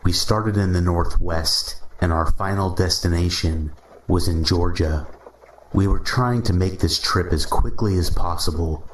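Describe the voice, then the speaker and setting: A man narrating a first-person story in a measured, steady reading. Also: low voice. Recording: roomy echo, faint hiss.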